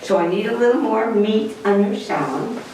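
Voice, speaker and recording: An older woman giving a piano masterclass, coaching a student and telling lively stories. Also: mid-range voice, normal speed, a little hiss or hum. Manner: animated storyteller, coaching directly. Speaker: piano teacher. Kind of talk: masterclass teaching. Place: large hall with piano. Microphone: distant room mic. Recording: echoey hall from far off. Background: piano playing.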